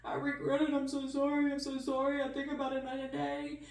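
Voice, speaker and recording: Woman doing a sorry guy begging forgiveness, voice pushed up high, kinda far off the mic in an echoey room. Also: completely flat delivery, brisk, creaky, darkish tone. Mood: remorseful. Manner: high, pleading, repeated apologies. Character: remorseful man pleading for forgiveness. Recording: roomy sound, distant mic.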